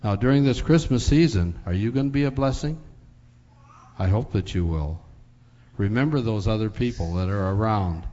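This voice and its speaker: A man's voice: on the low side, expressive, warm tone. A male preacher tells a story in a plain, folksy manner, stopping on "uh" now and then. His voice sits mid-range. The recording is dull and carries a long hall reverb. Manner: folksy, pauses with fillers. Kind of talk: sermon storytelling.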